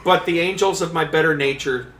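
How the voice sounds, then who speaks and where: A man, a fishing magazine editor, telling a comic fishing story in a lively, playful way at a trade show. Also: fairly high pitch, brisk, roomy sound, a little hiss or hum. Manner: lively, comic yarn-spinner who acts out quotes. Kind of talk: animated storytelling.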